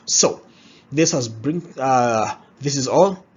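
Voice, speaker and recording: Very slow, husky man drilling vowels. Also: medium pitch, expressive, highs cut off. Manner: slow, repeats each word several times. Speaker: pronunciation teacher. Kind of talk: pronunciation drill lesson.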